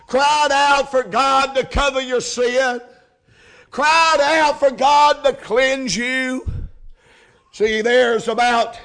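A high-voiced man preaching a revival sermon in an unhurried, drawn-out cadence. He swells from plain talk into impassioned shouted cries, leaning hard on each phrase.

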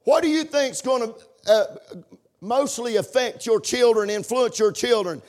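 High-voiced preacher building to shouts. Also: male voice. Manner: emphatic, builds to shouted declarations; slows down to stress single words. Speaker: pastor. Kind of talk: sermon.

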